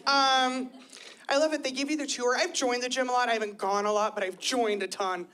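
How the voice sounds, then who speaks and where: On a club stage, a woman in her thirties does chatty, self-deprecating stand-up, bringing quoted voices to life. Her pitch is fairly high and she talks fairly quickly. The live club recording picks up crowd laughter.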